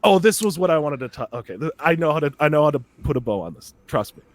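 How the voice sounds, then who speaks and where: A man co-hosting a podcast, rambling excitedly in casual chat and laughing often as he talks. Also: fairly high pitch, fast, no echo. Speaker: podcast co-host.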